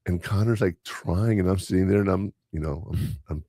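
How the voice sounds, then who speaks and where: A middle-aged man hosting a podcast, telling family stories in a rambling, animated way. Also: sits low, moderate pace, dry recording, clean studio sound. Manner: rambling, animated storyteller who mimics voices. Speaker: podcast host. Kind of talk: casual storytelling chat.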